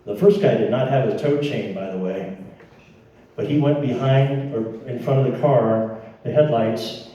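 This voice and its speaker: A man's voice: mid-range voice, unhurried, dark tone, dull audio. A man telling an audience a dramatic personal story, acting out the dialogue and talking straight to the listeners. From American Midwest. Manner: dramatic retelling with quoted dialogue and asides. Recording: echoey room, voice from far off.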